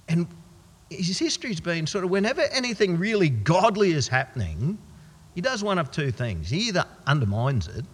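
An Australian man playing an amazed male follower of Jesus, telling it in a folksy, husky voice in a church. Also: a little high, fairly bright tone, exaggerated voice. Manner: folksy, conversational storytelling. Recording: long church reverb.

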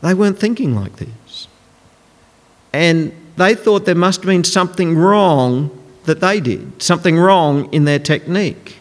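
A man's voice: on the high side, animated, unhurried. A man preaching a sermon in a conversational, emphatic way, acting out quotes as he goes. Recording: long hall reverb.

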